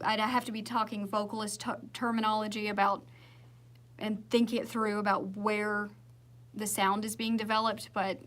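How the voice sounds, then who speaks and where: A woman's voice: medium pitch, fairly bright tone. A young woman with a Southern accent chatting casually with viewers on a livestream, rambling with fillers and restarts. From Southern United States. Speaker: singer-songwriter livestreaming.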